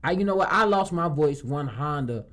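A man's voice: on the high side, lively intonation, moderate pace, a bit bright. A man co-hosting a casual podcast, trading loose, slangy banter and slipping into playful voices. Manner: laid-back slangy banter, drifts into voices and accents. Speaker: podcast co-host. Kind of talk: casual chat.

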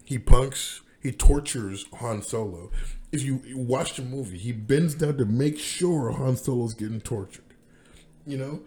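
A man's voice: medium pitch, measured pace, warm tone. A man rambling through a casual monologue as podcast host, with many restarts and fillers.

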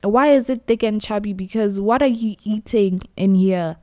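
A woman's voice: mid-range voice, moderate pace, a little mellow. A young woman hosting her own podcast from her new studio, chatting casually, laughing at herself and over-explaining. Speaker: podcast host. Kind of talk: casual solo podcast chat.

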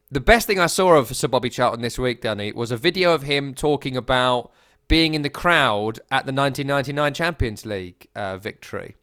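A man hosting a football podcast, talking in an earnest, reflective way with halting restarts. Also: a little high, fairly bright tone, clear, resonant tone. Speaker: podcast host. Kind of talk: casual football podcast chat.

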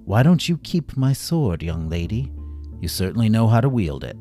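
A man's voice: lowish voice, very animated, normal speed, mellow, soft background music. A retired old warrior in a children's tale, voiced by a man. He sounds kindly and proud.

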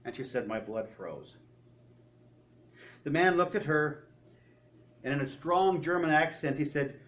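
A man telling a story in a sermon, retelling someone's words and often dropping his voice low. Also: big pitch swings, moderate pace, pauses often, a little hiss or hum. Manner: retelling a story with quoted speech, often trailing off quietly. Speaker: preacher.

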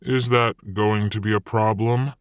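A man's voice: lowish voice, steady tone, measured pace, no echo, studio quality, natural voice. A man doing Satan, cocky and commanding. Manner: breezy, then menacing. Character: confident commanding male devil ruler. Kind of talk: audiobook character voice.

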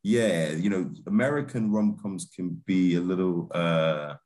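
A man, a film director, chatting in a relaxed interview, laid-back with many restarts and fillers. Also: deep voice, a little slow.

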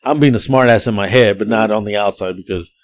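Profane animated storytelling man. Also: fairly low pitch, quick pace, a crowd in the background. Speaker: podcast co-host and rideshare driver. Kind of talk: casual storytelling chat.

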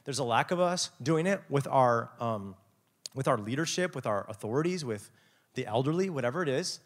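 Animated young man preaching a youth sermon. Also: brisk. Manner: animated, jokey, acts out quotes with big pitch swings. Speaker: youth pastor. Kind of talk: lively sermon.

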